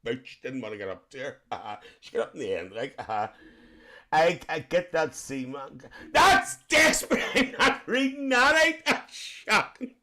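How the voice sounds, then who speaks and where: Guy doing a cheeky northern irish aunty, bit high, voice jumps all over, calls everyone dear. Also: sing-song, normal speed, bright, forceful tone, exaggerated voice. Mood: gossipy. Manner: chatty, calls everyone dear, laughs often. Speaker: livestream host. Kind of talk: live-stream chat with viewers.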